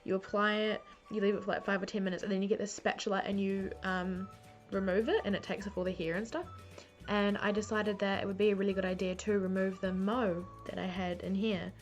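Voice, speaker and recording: A woman's voice: mid-range voice, flat delivery, a little fast, soft background music. A young woman telling funny stories to camera, chatty and self-mocking, full of "like". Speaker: beauty vlogger. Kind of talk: casual storytelling to camera. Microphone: camera mic.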